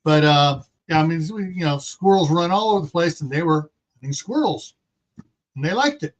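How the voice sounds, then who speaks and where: A man from California hosts a casual livestream chat. His voice sits a little higher than most men's. He rambles from point to point and throws in sarcastic asides. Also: animated, moderate pace. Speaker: host.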